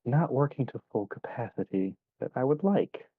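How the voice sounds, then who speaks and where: A man's voice: mid-range voice, lively intonation, normal speed, dry recording, narrow, tinny audio. A man doing a sleazy secretive mayor. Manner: smooth, evasive, hushed.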